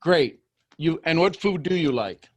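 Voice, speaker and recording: A man coaching someone on a call, pressing with quick rhetorical questions. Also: fairly high pitch, animated.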